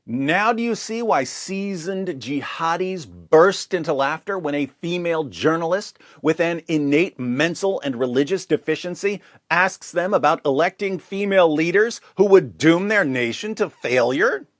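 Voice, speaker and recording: A man delivers a mocking, sarcastic monologue and piles on rhetorical questions. His voice sits high and rises and falls in lively swings. The sound is dry and close, with no room echo. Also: measured pace, few pauses. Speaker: commentator. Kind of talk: polemical video commentary.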